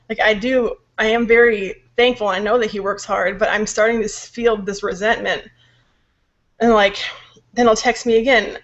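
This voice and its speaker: A young woman with a sore throat, venting in casual chat; tired and frustrated, she swears when she gets angry. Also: medium pitch. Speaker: podcast co-host venting. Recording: dull lo-fi recording.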